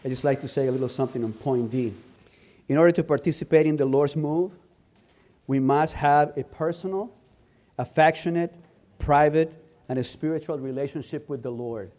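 A man delivering a sermon to a congregation, his voice sitting a little higher than most men's. He speaks earnestly and with emphasis, stacking repeated phrases into a rising cadence. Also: normal speed, dark tone. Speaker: preacher.

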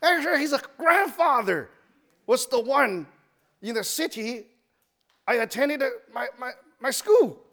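A man's voice: very high voice, lively intonation, unhurried, fairly bright tone. A middle-aged man from China with a Chinese accent, giving a testimony sermon in broken English with many restarts. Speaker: church speaker.

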